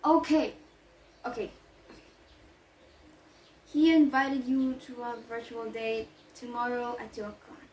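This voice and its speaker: A woman's voice: fairly high pitch, flat delivery, a little slow, long pauses, darkish tone, slight background noise, lightly acted. A woman playing a flustered nurse in an amateur school play, stammering and correcting herself. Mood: fussy. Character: fussy, flustered nanny, middle-aged woman. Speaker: Juliet's nurse in a class play. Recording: echoey room, far from the mic.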